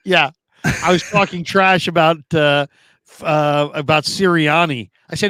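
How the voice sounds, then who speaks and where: A middle-aged man hosting a sports call-in show, telling lively stories with acted-out quotes. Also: a little high, measured pace, smooth, no echo. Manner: animated storyteller, acts out quoted voices. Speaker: sports talk show host.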